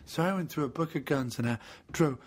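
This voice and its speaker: A man from England co-hosting a film commentary, spinning absurd stories with a straight face. He breaks into giggles now and then. His voice sits a little higher than most men's. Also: brisk, slightly rough. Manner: deadpan absurd storytelling, giggly. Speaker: podcast co-host. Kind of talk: casual film commentary banter.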